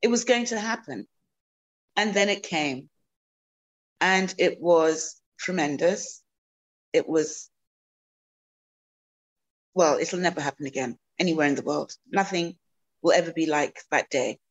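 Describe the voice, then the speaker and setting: Thoughtful woman from South Africa, low-pitched. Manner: thoughtful, many ums and pauses. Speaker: guest. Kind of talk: reflective interview answer.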